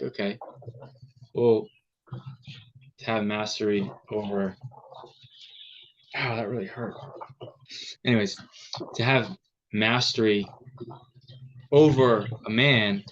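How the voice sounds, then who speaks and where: A man co-hosting a casual podcast chat, halting and searching for his words. His voice is somewhat low. The recording sounds dull and lo-fi.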